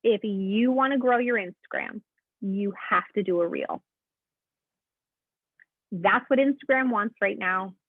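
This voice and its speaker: A woman's voice: mid-range voice, unhurried, pauses often, slightly rough, no echo. A woman coaching her team on a call, chatty and encouraging, checking in with her listeners often. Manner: chatty, keeps checking in with "okay?"; encouraging, addresses listeners as "guys". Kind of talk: motivational coaching talk. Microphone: call audio. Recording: tinny, dry phone-line sound.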